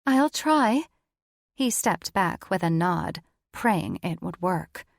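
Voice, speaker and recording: A woman narrating an audiobook in a slow, measured way, with a slightly low voice. The recording is dry and close, with no room sound at all. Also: vocal fry, no room sound. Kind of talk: scripted narration.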